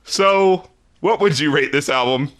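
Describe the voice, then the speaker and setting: A man co-hosting a casual album review podcast, animated and laughing often, swearing and acting out quotes. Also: fairly high pitch, measured pace. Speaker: podcast co-host.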